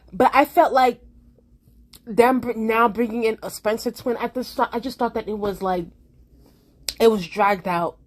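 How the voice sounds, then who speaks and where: A young woman, rambling through a casual opinion vlog and restarting her sentences often. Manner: rambling, restarts often, animated swings in pitch. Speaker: vlogger.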